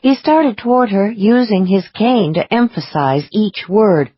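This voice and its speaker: A woman reading audiobook narration in a measured, expressive way. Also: mid-range voice, breathy edge, no echo, dull audio.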